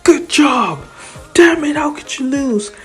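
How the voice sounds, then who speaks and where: Brief: fiery middle-aged hero dad, yelling in scolding pride, put on by a male fan narrator. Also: very high-pitched, animated, slow, faint music behind, voice pushed up, full character voice. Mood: angry-proud. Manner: yelling, scolding yet proud.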